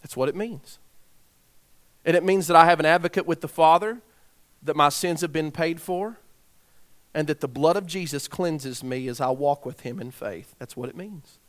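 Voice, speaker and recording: A man preaching a sermon, dropping to quiet, grave emphasis and rising to loud shouts as he tells a story. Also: fairly high pitch, moderate pace.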